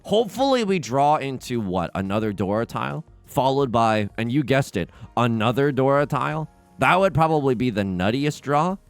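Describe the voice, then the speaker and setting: Excitable young man narrating his gameplay. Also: mid-range voice, moderate pace, no echo. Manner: excitable, talks to viewers, trash-talks opponents. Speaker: let's play host. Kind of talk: casual gameplay commentary. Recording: game music underneath.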